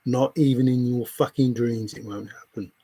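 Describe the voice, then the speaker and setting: A man's voice: medium pitch, steady tone, moderate pace, mellow, husky, dry recording. A man livestreaming, confronting a viewer in chat with an angry, repetitive, swearing rant.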